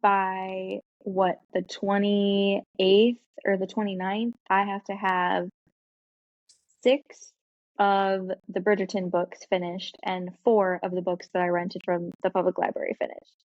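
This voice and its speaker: A woman co-hosting a podcast, telling a long casual story full of "like" and "um" and quick laughs. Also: mid-range voice, level tone, dry recording, lo-fi sound. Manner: chatty storytelling with frequent fillers and laughs. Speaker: podcast co-host. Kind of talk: casual chat.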